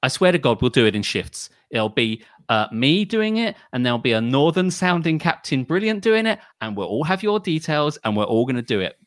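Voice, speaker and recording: A man's voice: medium pitch, sing-song, fairly quick, few pauses, dry recording, clean studio sound. A man co-hosting a casual podcast, ranting with mock outrage and frequent swearing. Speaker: podcast co-host.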